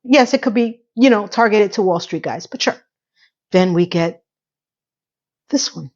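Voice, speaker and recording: A woman's voice: medium pitch, lively intonation, measured pace, a little mellow. A middle-aged woman recapping a TV episode in a casual vlog, chatty and sarcastic, with plenty of offhand asides. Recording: slightly dull lo-fi audio.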